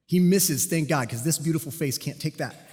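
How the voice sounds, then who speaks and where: Guy preaching in church, higher voice, lots of hall echo, tells it like a story. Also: moderate pace, slightly rough. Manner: animated storytelling with self-deprecating humor. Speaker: pastor and police officer. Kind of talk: sermon with personal story. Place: church sanctuary. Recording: long hall reverb.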